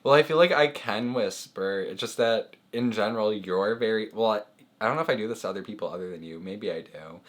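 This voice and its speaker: A man's voice: on the low side, fairly quick. A young man in his twenties chatting casually as a guest, laid-back and hesitant with dry teasing. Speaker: guest boyfriend. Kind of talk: casual chat.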